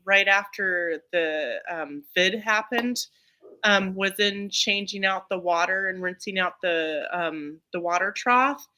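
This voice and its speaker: A woman's voice: mid-range voice, slow pace, bright, forceful tone. A middle-aged woman co-hosting a live stream, chatting casually and rambling with lots of ums and restarts. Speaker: co-host of a live chat stream. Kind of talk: casual chat.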